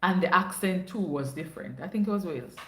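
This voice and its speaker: A woman's voice: on the low side, expressive, quick pace, slight background noise. A young woman with a Jamaican accent, hosting a casual livestream chat and telling stories, slipping into patois now and then. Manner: chatty storyteller, drops into patois. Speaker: livestream host. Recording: echoey room.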